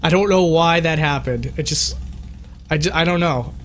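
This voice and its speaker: A young man from Boston with a light local accent, chatting loosely on a game livestream. His voice sits a bit higher than most men's, and he breaks into laughs and restarts words. A faint hiss of background noise sits under the talk. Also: normal speed, a bit bright. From Boston, USA. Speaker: livestream host. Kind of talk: casual livestream chat reading donations.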